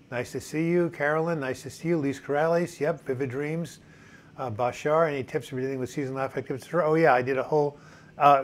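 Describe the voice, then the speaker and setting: A man hosting a casual weekly live chat from home. He reads viewers' names and comments aloud, with frequent fillers. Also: medium pitch. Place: home in Portland, Oregon. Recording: faint background noise from outdoors. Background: faint music and outside noise.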